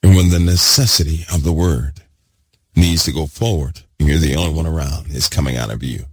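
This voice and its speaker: A man preaching a fervent sermon, repeating himself and swinging between loud bursts and hushed asides. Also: very deep voice, brisk, slightly rough, dry recording.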